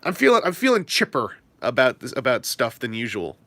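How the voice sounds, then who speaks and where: A man's voice: mid-range voice, huge pitch swings, a little fast, bright, forceful tone. A young man rambling casually to his stream viewers, self-deprecating and full of fillers. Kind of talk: casual livestream chat.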